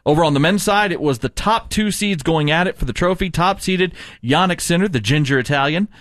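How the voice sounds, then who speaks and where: A man's voice: on the high side, a little fast, no room sound, clean studio sound. A man hosting a casual sports news show, reading headlines and laughing with co-hosts. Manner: lively, laughs often, reads news items.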